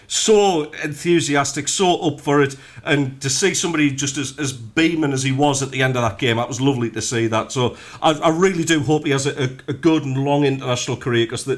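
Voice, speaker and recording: A man's voice: medium pitch, brisk, hardly any pauses. A man with a Sunderland accent reading football headlines and then chatting bluntly as a radio co-host. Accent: Sunderland (Mackem). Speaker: radio co-host and news reader. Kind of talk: headline reading and casual sports chat.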